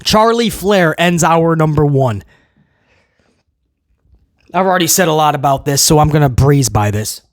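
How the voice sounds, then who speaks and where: A man's voice: a little high, expressive, normal speed, long pauses, dry recording, clean studio sound. Blunt, emphatic man reviewing wrestling. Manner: blunt, emphatic, piles up repeated phrases. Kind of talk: casual spoken review.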